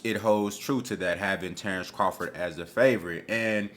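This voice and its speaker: A man's voice: lowish voice, normal speed. A man giving his casual opinions on an upcoming boxing fight, talking with street slang and cursing freely. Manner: profane, animated, street slang. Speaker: boxing commentator.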